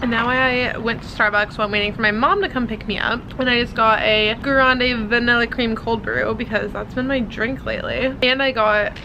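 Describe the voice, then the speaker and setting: A woman's voice: a little high, steady tone, lo-fi sound, background noise. A woman, chatting casually to a handheld camera in a vlog, laughing at herself. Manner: chatty and self-deprecating, quick to laugh. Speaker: vlogger and flight attendant. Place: out and about, at home and outdoors. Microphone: camera with flip-up screen at arm's length.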